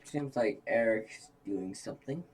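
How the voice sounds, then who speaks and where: A man's voice: mid-range voice, unhurried. A man co-hosting a casual chat, dry and a little exasperated, often correcting his partner. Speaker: co-host.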